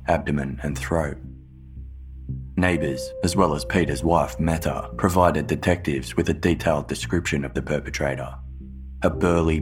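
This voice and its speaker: A man reading a scripted true-crime narration in a measured, even storytelling delivery. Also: a bass voice.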